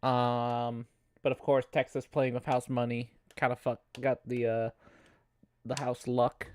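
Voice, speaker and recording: A man's voice: mid-range voice, flat delivery, measured pace, a little hiss or hum. A man hosting a casual sports podcast, rambling with fillers and swearing, with a cough. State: has a cough. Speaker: podcast host.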